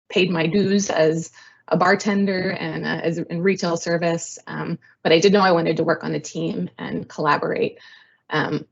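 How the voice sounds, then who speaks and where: Speaking in a low-leaning, creaky, husky voice, a woman in her thirties tells an interview show about her career. The delivery is chatty and self-deprecating with frequent ums, and the audio is a bit dull and lo-fi.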